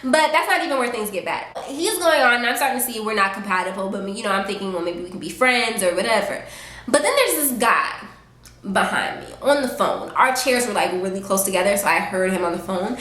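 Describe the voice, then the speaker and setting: A woman vlogger telling a story in a casual, animated, sassy way. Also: mid-range voice, quick pace. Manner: animated, sassy storytelling with lively acted quotes. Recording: roomy echo.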